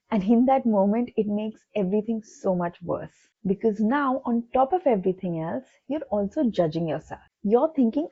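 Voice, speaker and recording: A woman psychologist giving a soft, empathetic scripted talk that speaks directly to the listener. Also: on the high side, animated, normal speed, few pauses, husky. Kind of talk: scripted reflective narration. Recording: tinny phone-like sound.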